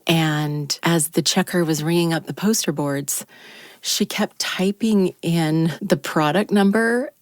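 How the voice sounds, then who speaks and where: A woman with a low voice tells a personal story into a studio microphone on a talk show. The sound is dry and close, with no room around it. She acts out quoted lines, her pitch jumping up when she plays herself. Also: takes it slowly, no echo. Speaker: radio show team member. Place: radio studio.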